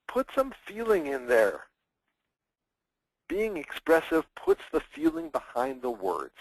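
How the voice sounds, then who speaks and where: A man teaching public speaking in a webinar, energetic and expressive, acting out examples in mock voices. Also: fairly high pitch, takes it slowly, no echo, low-quality recording. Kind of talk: webinar presentation.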